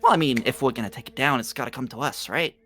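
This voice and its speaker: A man's voice: medium pitch, fast, sharp tone, faint music behind. A man playing a tabletop role-playing game, describing his moves in a rambling, casual way. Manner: rambling, many fillers, laughing. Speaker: player.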